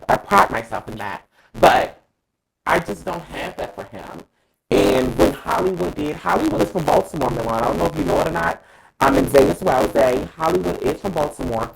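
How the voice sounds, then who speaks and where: Male co-host, lively and gravelly, emphatic and profane in casual opinion talk. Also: fairly high pitch, poor audio. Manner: dramatic, emphatic, profane, addresses co-hosts by name.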